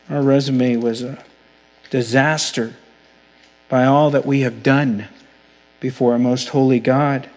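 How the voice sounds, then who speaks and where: A man with a high voice preaches a sermon in an earnest way, slowing down to press his key points home. His voice rings with the long reverb of a large hall. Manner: earnest preaching, slows for emphasis. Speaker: pastor.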